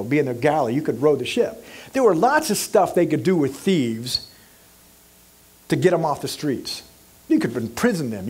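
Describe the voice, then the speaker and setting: A man's voice: a little high, a little mellow, breathy edge. A male pastor preaching an emphatic sermon who acts out scenes and questions the audience.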